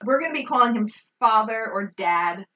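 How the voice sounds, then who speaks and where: Bright-voiced animated woman podcaster. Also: fairly high pitch, moderate pace, far from the mic, lo-fi sound. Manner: animated, swears freely, laughs often. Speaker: podcast co-host reviewing a film. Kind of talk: casual chat.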